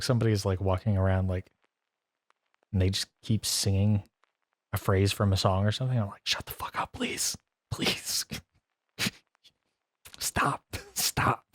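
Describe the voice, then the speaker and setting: On a songwriting stream, a man with a low-sitting voice talks casually as he plays guitar, rambling, breaking off mid-thought and laughing a lot. There's no echo on the recording.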